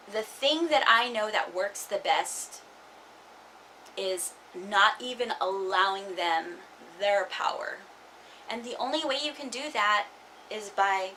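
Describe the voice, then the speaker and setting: A woman's voice: medium pitch, sharp tone, slight background noise, poor audio. A young woman vlogging casually, rambling with many fillers and restarts. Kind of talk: casual personal vlog.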